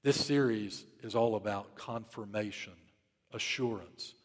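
A man's voice: lowish voice, measured pace, long reverb tail. A man preaching a sermon, telling a story in an urgent, emphatic way and repeating key phrases. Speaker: pastor.

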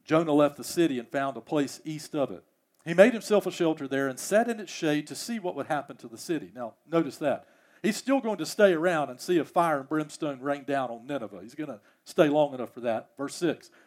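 A male pastor preaching a sermon in a high-pitched voice. He drives his message home with repeated, emphatic rhetorical questions. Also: lively intonation, brisk.

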